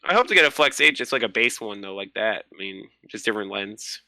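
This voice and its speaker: Bright-voiced man telling stories with swearing. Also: fairly low pitch, brisk, gravelly, no room sound. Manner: animated storyteller, swears freely. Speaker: podcast guest. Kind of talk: casual chat.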